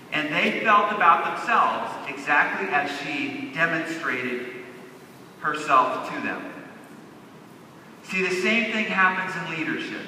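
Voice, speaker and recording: A man's voice: sits high, bright, forceful tone, slight background noise. A man giving a motivational convention keynote, stressing key words by drawing them out. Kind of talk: motivational stage speech. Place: large convention hall. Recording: echoey hall, heard from a distance.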